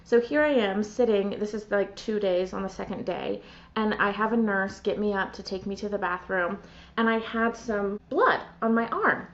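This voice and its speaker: A middle-aged woman hosting a podcast, telling a personal story in an animated, run-on way full of fillers. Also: mid-range voice, normal speed. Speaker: podcast host. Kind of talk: casual conversational storytelling. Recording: muffled lo-fi audio.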